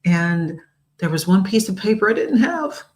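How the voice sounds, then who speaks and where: A woman in her sixties, hosting a talk show and telling personal stories in an earnest, expressive way. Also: medium pitch, normal speed, rough recording. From United States. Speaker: host.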